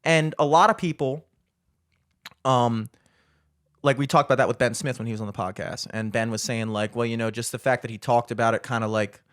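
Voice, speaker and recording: A man co-hosting a podcast in casual, animated chat, swearing and laughing often. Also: mid-range voice, a little fast, no echo, studio quality. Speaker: podcast co-host.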